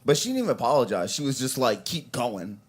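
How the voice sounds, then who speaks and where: Brief: young male comic, crude, rambling, very lively delivery. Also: mid-range voice, very fast. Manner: crude, rambling, jumps into shouted impressions. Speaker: open mic comedian. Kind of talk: stand-up comedy set. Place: coffee shop open mic stage.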